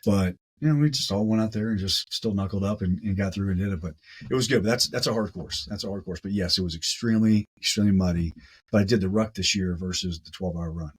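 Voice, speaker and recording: A man with a low, husky voice, a guest on a podcast telling a story. He talks casually and with animation, doubling up words as he goes. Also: fast talker, low-quality recording.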